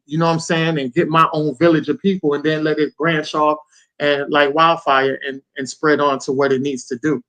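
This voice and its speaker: A man's voice: a little high, little pitch movement, normal speed, fairly bright tone. A man co-hosting a podcast in loose, rambling casual chat, often checking in with "you know what I'm saying". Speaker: podcast co-host.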